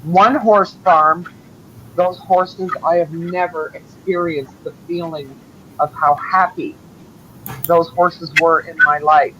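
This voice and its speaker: A woman's voice: on the low side, fairly even intonation, slow, bright, forceful tone, lo-fi sound, slight background noise. A woman guest talking earnestly in a casual chat.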